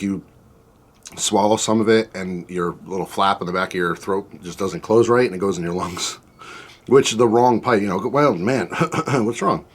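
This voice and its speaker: Tasting a spicy soup, a male food reviewer talks casually in a fairly low voice while the heat sets his mouth burning. His chatty, rambling style is full of fillers such as "um" and "like," along with asides that pull him off topic.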